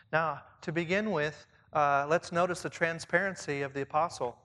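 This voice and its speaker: A man's voice: a little high, moderate pace, hardly any pauses, sharp tone. A man leading church leaders in a conversational sermon, reflective and asking his listeners questions. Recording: long reverb, as in a hall.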